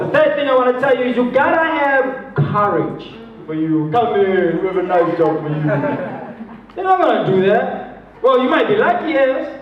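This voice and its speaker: A high-voiced man from South Africa giving a lively motivational talk, his delivery animated as he slips into other people's voices. He is recorded from a distance in a large hall that rings with echo, and the sound is dull and muffled. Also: a little hiss or hum. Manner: animated, acts out voices of others, chuckles often. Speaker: motivational speaker. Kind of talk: motivational talk to a live audience.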